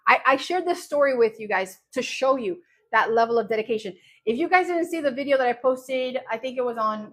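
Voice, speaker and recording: Chatty, animated woman on a livestream. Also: on the high side. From New Jersey. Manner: animated, rambling storyteller. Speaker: craft business host. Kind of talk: casual livestream chat.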